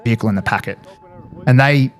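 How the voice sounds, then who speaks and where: A man's voice: medium pitch, soft background music. An Australian man, a podcast guest, telling a war story in casual chat and swearing freely. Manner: fast, swears freely, lots of fillers. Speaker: podcast guest, former paratrooper.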